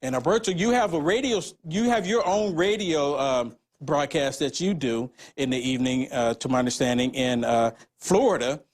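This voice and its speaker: Interview host: a man with a slightly raised pitch, rambling, halting questions. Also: lively intonation.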